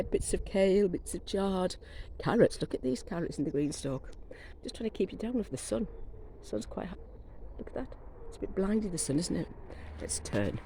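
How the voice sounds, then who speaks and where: A woman's voice: mid-range voice, mellow, slight background noise, poor audio. Chatty woman touring her garden. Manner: chatty, gushing over plants, rambling. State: coming down with a cold. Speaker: gardening vlogger. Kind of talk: casual garden walk-through. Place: outdoors in a back garden. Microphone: phone camera carried while walking.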